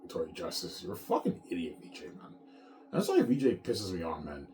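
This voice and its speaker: A man in his thirties speaks a little fast in a low, mellow voice whose pitch swoops wildly, with slight background noise. An author vlogger, he rambles through a profane, casual rant to viewers, repeating words, restarting often, and ending sentences with "man."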